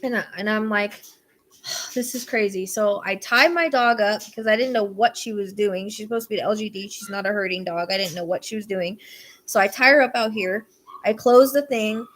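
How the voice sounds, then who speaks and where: A woman's voice: medium pitch, brisk, a bit bright. A woman host telling a rambling, exasperated story in casual chat, swearing now and then. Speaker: psychic podcast host. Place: rural property with acreage.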